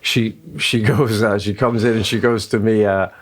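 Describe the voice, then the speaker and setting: Animated man telling a family story. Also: lowish voice, moderate pace. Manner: animated storyteller, acts out quotes. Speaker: podcast co-host. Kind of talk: casual chat.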